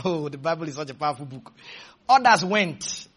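A man preaching a fervent sermon, shouting at times and leading the congregation in call-and-response. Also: a little high, lively intonation, slow.

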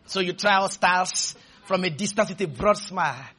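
A man with a high voice, speaking at a normal speed, delivers a fervent sermon. At times he shouts, and he leads the congregation in call-and-response.

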